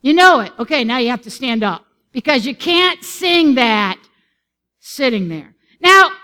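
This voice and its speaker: High-voiced woman pastor preaching. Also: animated, unhurried, pushed and bright. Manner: encouraging, leads the congregation in song. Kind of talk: sermon with congregational singing. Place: church sanctuary.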